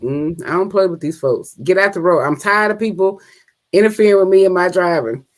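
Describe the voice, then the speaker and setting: A woman's voice: lowish voice, brisk. A woman co-hosting a podcast in casual chat, blunt and emphatic, repeating her points. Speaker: podcast co-host.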